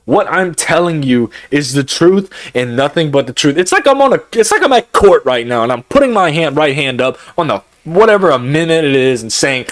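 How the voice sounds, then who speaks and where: Emotional young man with a lively voice. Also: on the high side, normal speed, few pauses. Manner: emotional, repetitive, swings between heated and subdued. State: close to tears. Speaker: YouTuber. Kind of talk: emotional vlog confession.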